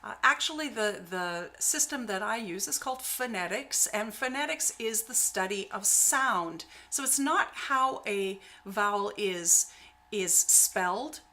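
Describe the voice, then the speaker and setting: A middle-aged woman teaching a singing lesson at an unhurried pace. Her voice is bright and clear, and she speaks with warm encouragement. She stretches out each vowel she demonstrates. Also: medium pitch, expressive.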